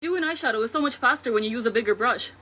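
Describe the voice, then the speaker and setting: A woman vlogger chatting excitedly through a makeup tutorial, laughing often. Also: on the high side, racing. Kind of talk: casual makeup tutorial vlog.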